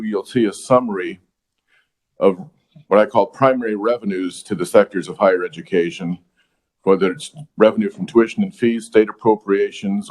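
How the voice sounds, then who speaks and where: A man, a college president, giving steady, explanatory testimony to a legislative committee. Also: deep voice.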